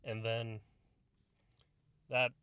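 A man's voice: medium pitch, monotone, extremely slow, sharp tone, smooth, no room sound, clean studio sound. Profane young man telling army stories. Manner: profane, storytelling, acts out quoted voices. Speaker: podcast co-host, army veteran. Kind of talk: casual chat.

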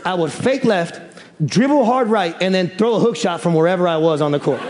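A young man from the Chicago area preaching, telling stories in a joking, animated way with loud exclaims. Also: sits high, brisk, slight background noise. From Chicago area, USA. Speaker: pastor. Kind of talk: sermon with storytelling. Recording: reverberant hall.

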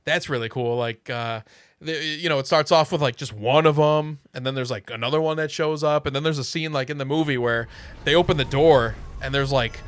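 A man's voice: on the high side, fairly quick, smooth, no room sound, studio quality. A man chatting casually, rambling through a story with lots of fillers. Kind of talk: casual chat.

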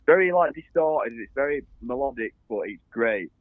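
A man's voice: mid-range voice, lively intonation, normal speed, no echo. Laid-back man on tinny line. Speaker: podcast co-host. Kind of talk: casual chat. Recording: tinny phone-like sound.

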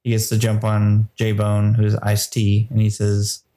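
Guy hosting a movie podcast, lowish voice, pretty flat, mellow tone. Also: measured pace. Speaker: podcast host. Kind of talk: casual movie review chat.

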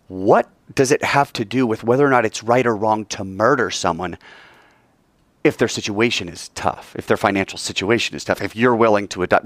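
A male teacher lecturing his class in a classroom, his pitch swinging widely as he jokes with students. The sound is close and dry, with no room echo. He acts out the arguments he quotes in a raised voice. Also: a bit bright. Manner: joking, quick asides to students.

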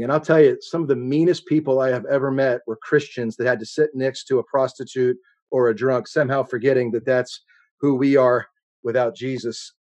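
A man's voice: mid-range voice, darkish tone. A middle-aged man preaching a sermon as a guest speaker, telling a personal story earnestly and with shifting intensity. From United States.

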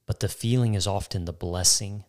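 Deep-voiced man giving earnest faith testimony. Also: normal speed. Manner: earnest, emphatic, repeats phrases for weight. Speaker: co-host. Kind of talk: faith talk, personal testimony.

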